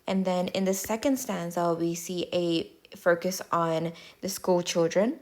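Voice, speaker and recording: A woman tutor giving a measured, clear, step-by-step explanatory voice-over lesson. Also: on the low side, steady tone.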